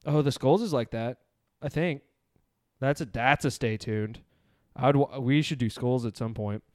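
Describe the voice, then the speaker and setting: A man with a smooth, clean voice hosts a laid-back movie podcast. He rambles loosely and pokes fun at himself. The sound is dry and close, with no room around it. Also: mid-range voice, unhurried, no room sound. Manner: loose, rambling, self-deprecating. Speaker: podcast host. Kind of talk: casual podcast chat.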